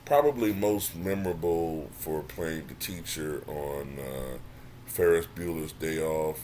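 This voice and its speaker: A man hosting his own channel, giving casual commentary that runs from flat and low-key to animated and exasperated. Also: slow, slight background noise. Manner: animated, rising to exasperated near-shouting; says he can sound monotone at times. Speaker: channel host.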